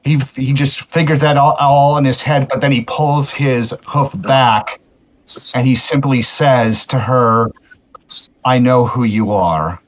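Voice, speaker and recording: A man playing a tabletop role-playing game who talks deliberately, restarting his sentences. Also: mid-range voice, little pitch movement, highs cut off. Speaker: player. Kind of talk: tabletop role-play, in and out of character.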